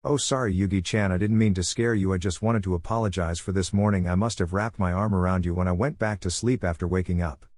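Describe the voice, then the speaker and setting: A man reading the lines of a loud, warm-hearted teenage boy ninja in a fan story. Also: sits low, fast, hardly any pauses, no room sound, close to an everyday voice. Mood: earnest. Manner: brash, earnest.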